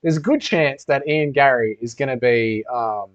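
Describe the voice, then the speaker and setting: A man's voice: medium pitch, normal speed. A young man hosting a casual livestream Q&A, reading chat aloud and bantering crudely with heavy swearing. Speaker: livestream host. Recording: dull lo-fi stream audio.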